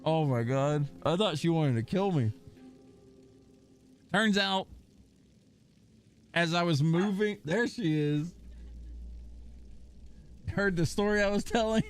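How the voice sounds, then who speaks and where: Chatty man streaming, slightly high voice. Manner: animated storyteller, coos softly at his dog. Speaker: gaming streamer. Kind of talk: casual livestream chat.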